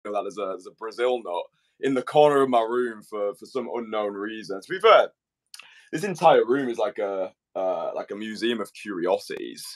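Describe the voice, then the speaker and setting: A man hosts his podcast with a rambling, laddish monologue and casual chat, swearing freely and sounding slightly out of breath. His voice is lowish and expressive, at a moderate pace.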